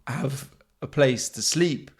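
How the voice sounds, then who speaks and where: A young man, a comedian hosting his own podcast, telling stories in a casual, animated way and jumping into high voices when he quotes people. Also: takes it slowly, breathy edge. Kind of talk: casual storytelling monologue.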